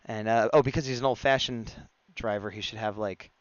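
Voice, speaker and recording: A man narrates his sketch on a live stream, casual and playful and quick to laugh. His voice is smooth and mid-pitched, recorded close and dry, a little muffled. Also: steady tone, no echo. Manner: playful and chatty, laughs at his own jokes.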